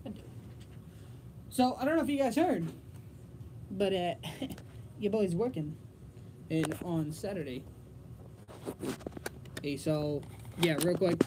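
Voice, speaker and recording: A man's voice: sits high, measured pace, long pauses, noisy background. A young man hosting a college radio sports show, talking casually in a rambling, filler-heavy way. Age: young adult.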